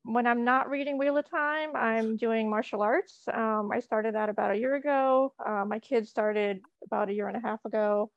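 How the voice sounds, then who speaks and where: A woman's voice: a little high, fairly even intonation, normal speed, hardly any pauses, dry recording, dull audio. A woman in her thirties chatting as a podcast guest, upbeat and full of ums. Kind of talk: casual podcast chat.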